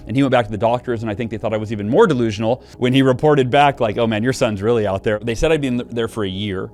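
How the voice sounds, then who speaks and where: A middle-aged man, an interview guest, telling a personal story earnestly, with many restarts and quick shifts in pace. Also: medium pitch. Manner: earnest, animated retelling with frequent restarts. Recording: faint music behind the voice.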